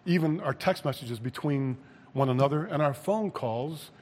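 A man's voice: fairly high pitch, lively intonation, moderate pace, darkish tone, long reverb tail. A man preaching a sermon, reading scripture and rising to emphatic peaks. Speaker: pastor.

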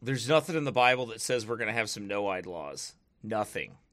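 A man in a rambling, sarcastic monologue, drifting between musing asides and loud preachy bursts. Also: fairly low pitch, animated, a little fast, no echo. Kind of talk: casual monologue to camera.

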